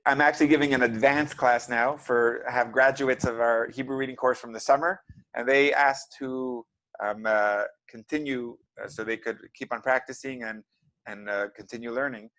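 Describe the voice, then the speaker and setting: A man's voice: medium pitch, fairly even intonation, normal speed, a bit bright. A man teaching a Hebrew reading class over a video call, patient and encouraging as he explains letters and vowels step by step. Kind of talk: online group reading lesson.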